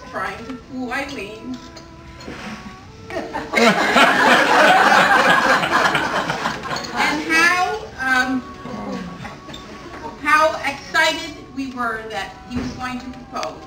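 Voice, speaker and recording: An older woman giving a heartfelt, measured anniversary toast as maid of honor, reading prepared remarks at a party. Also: high voice, expressive, music in the background. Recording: echoey distant room, background noise.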